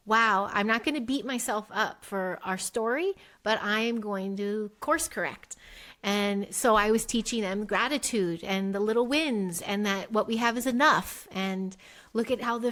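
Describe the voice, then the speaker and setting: A woman's voice: medium pitch, a bit bright. A middle-aged woman, a podcast guest, telling her life story candidly, rambling and emotional, acting out her past thoughts in little quoted voices. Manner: rambling, with many restarts and "like" fillers.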